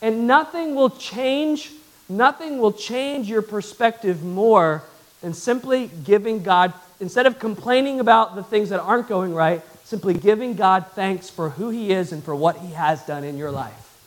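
A man preaching a sermon to his church, swinging from loud, excited bursts to hushed, earnest appeals. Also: high voice, measured pace. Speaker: pastor.

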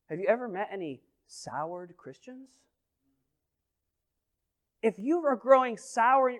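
High-voiced man preaching with big volume swings. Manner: acts out scenes and quotes with playful voices. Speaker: pastor. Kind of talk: sermon.

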